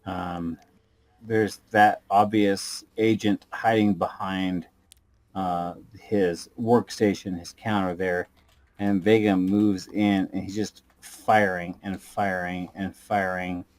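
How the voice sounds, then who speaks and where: Slow low-voiced man narrating his character. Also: flat delivery. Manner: unhurried, rambling narration with sound effects. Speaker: player. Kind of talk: narrating his character's actions in a tabletop game.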